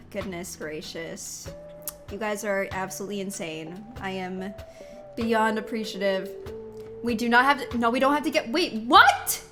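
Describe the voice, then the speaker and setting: A woman's voice: mid-range voice, unhurried, music in the background. A woman streamer chatting with her viewers, giggly and effusive, exclaiming often. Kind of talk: live-stream chat with viewers.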